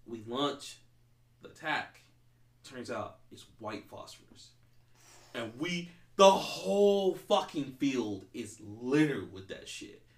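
Brief: male podcast host, loose and profane, filler-heavy storytelling, mid pitch, roomy echo. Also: big pitch swings, slow, creaky. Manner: rambling, profane, heavy use of "like". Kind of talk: casual chat.

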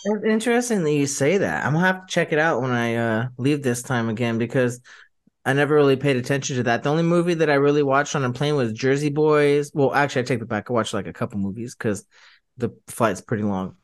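A man's voice: medium pitch, fast talker. A young man co-hosting a casual podcast, easygoing and trailing off at the end of his thoughts. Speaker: podcast co-host.

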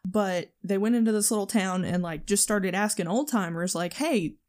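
A woman with a middle-pitched voice, chatting with easy enthusiasm. She moves quickly through her thoughts and drops into playful imitations with a laugh. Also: fairly even intonation, a little mellow. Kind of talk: casual chat.

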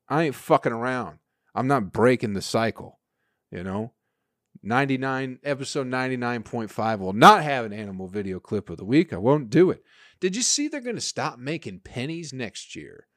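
A man's voice: medium pitch, expressive, normal speed, no room sound, studio quality. A man hosting a casual solo podcast, rambling and swearing in an exasperated way. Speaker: podcast host.

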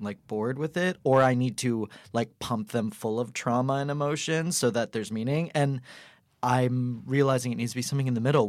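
A man hosting a podcast, chatting in a warm, encouraging and reflective way. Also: mid-range voice, dry recording, clean studio sound. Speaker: podcast host. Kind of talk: casual chat.

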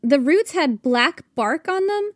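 A woman's voice: sits high, animated, a little slow, no echo, studio quality. A woman co-hosting a podcast, telling history stories in a playful, chatty way and thinking aloud as she goes. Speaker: podcast co-host. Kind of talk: casual history storytelling.

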